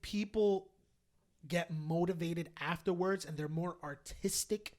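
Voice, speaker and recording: A man co-hosting a casual podcast, telling stories in a loose, profane way, laughing often and acting out other people's lines. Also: measured pace. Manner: animated, profane, laughs often, acts out quotes in high voices. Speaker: podcast co-host. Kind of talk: casual storytelling chat.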